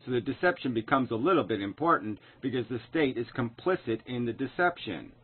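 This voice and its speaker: A man's voice: mid-range voice, animated, a little fast, a little hiss or hum. A man recording an angry, profane, sarcastic response video, picking apart another man's claims. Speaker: video commentator. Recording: tinny phone-like sound.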